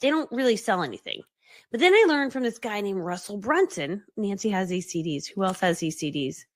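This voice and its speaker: Fast-talking animated woman coach. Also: mid-range voice, no room sound, studio quality. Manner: fast-talking, animated, acts out quoted voices; laughs often mid-story. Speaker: business coach. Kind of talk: live storytelling talk to an online audience.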